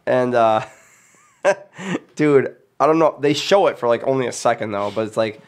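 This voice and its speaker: A man in a loose podcast conversation, laughing through his own stories and cursing casually. His voice sits at an ordinary middle pitch for a man, and he rambles from one thought to the next as he talks. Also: lively intonation, moderate pace. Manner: laughs often, swears freely, rambling storyteller. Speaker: podcast host. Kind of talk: casual chat.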